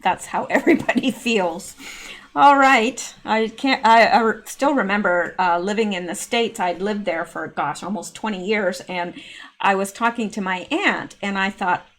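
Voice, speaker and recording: A woman's voice: mid-range voice, unhurried, a bit bright. A middle-aged woman hosting casual video commentary, chatty and full of rambling asides. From Canada. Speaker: channel host.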